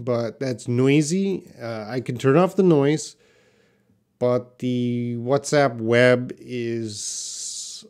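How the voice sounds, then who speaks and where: A man's voice: mid-range voice, a little mellow. A man from Canada with a Canadian accent, teaching a live-streamed English pronunciation lesson and replying to viewers by name. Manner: talks to chat viewers by name, explains patiently.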